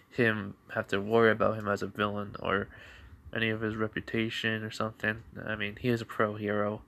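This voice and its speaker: A man with a fairly low voice retells a fan-made story in a casual, rambling way. He leans on fillers like "like" and "you know" and often restarts his sentences.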